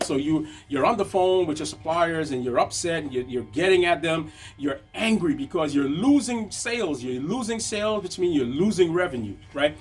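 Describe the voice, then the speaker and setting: Brief: male business coach, slightly high voice, chatty lesson delivery, soft music beneath. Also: breathy edge. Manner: conversational, frequent tag questions "right?". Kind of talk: motivational lesson.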